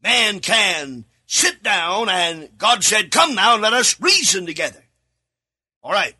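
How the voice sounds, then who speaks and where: A man preaching a sermon alone in a studio, reading scripture aloud and repeating key words, sometimes breaking into shouts. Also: high-pitched, big pitch swings, takes it slowly, husky. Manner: reads scripture aloud with verse references.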